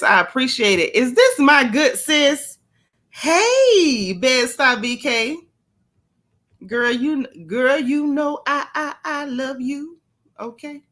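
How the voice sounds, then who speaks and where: A woman's voice: fairly low pitch, fairly bright tone. A woman hosting a casual livestream, chatty and familiar as she greets her viewers one by one. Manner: playful and familiar. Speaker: livestream host.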